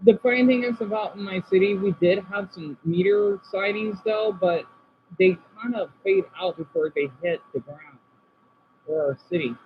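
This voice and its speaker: The streamer, a man from Arizona, reads chat aloud and reacts, alternating between low-key remarks and excited outbursts. He has a high voice at normal speed, captured with phone-quality sound and slight hiss or hum.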